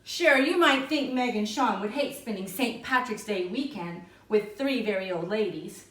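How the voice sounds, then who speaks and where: A woman teacher reading a picture book aloud in an expressive, lilting storytelling voice. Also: medium pitch, moderate pace. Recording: echoey room, mic far off.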